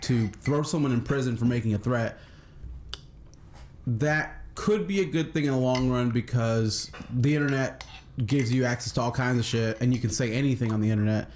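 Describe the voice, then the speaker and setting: A man's voice: mid-range voice, moderate pace, darkish tone, slight background noise. A man co-hosting a casual podcast, easygoing and thinking aloud as he talks. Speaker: podcast co-host.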